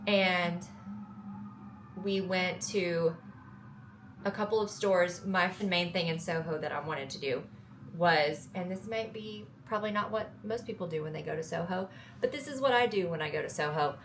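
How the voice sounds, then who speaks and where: A woman's voice: lowish voice, normal speed, fairly bright tone, a little hiss or hum. A young woman with a Southern US accent, talking casually and upbeat to camera in a travel vlog, joking about herself. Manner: chatty, upbeat, self-joking. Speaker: travel vlogger.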